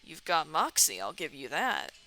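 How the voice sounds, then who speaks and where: A woman's voice: low voice, huge pitch swings, normal speed, bright, forceful tone, pitched below the performer's own voice, heavily acted, poor audio. A woman voicing a boastful older male chicken chef in a dating game, reading his lines in a hammy, mock-dramatic way. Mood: sly.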